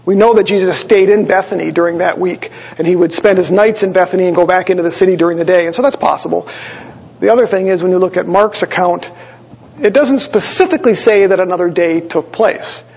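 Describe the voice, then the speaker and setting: Male pastor, husky high voice, conversational sermon, dull recording with long reverb. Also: a little fast, darkish tone. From Wisconsin. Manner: conversational, explanatory, with small asides to the congregation.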